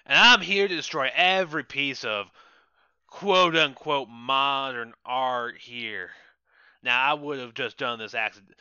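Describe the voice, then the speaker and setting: A very bright, crisp male voice, dry and close on a dull, lo-fi mic. He plays mock-formal and then turns brash and defiant in an improvised comedy scene. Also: medium pitch, a little slow, no echo. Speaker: improv performer.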